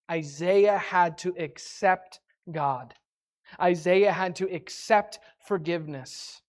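A young woman preaching a sermon in a lively, animated way, acting out her own reactions in quoted asides. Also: medium pitch.

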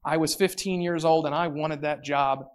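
Expressive preacher delivering a lively sermon. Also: medium pitch. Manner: expressive, swings from soft reflection to loud exclamations; reads scripture slowly and deliberately.

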